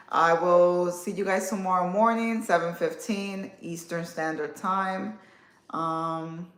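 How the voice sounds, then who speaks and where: A woman in her thirties hosting a casual livestream, chatting warmly and answering viewer comments. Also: on the low side. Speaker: livestream host. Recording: echoey room.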